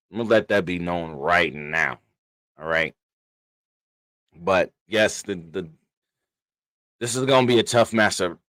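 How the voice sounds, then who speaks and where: A man hosting a sports podcast in casual chat, animated, laughing often and trash-talking rivals. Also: low-pitched, dry recording. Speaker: podcast host.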